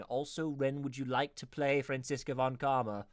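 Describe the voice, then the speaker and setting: A man with a mid-range voice hosts a let's play, chatting casually and animatedly with a guest about the gameplay and laughing readily. There's no echo.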